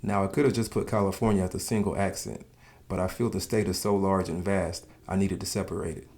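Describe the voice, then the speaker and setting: Deep-voiced man narrating. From Southern United States. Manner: calm, measured, explanatory. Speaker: countdown video narrator. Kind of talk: scripted voice-over narration.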